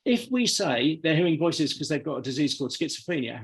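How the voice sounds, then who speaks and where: A man's voice: fairly high pitch, sing-song, brisk, vocal fry, few pauses, breathy edge. A British man, a professor, answering an audience question at a public talk, emphatic and given to insistent repetition. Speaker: psychology professor giving a talk. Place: meeting hall.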